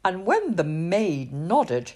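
A woman reading a children's storybook aloud in an expressive, sing-song way. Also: lowish voice, slow pace.

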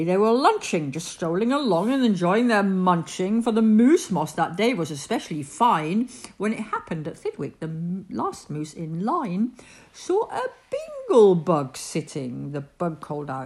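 A woman reading a rhyming bedtime story aloud in an animated storyteller's voice. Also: lowish voice, measured pace.

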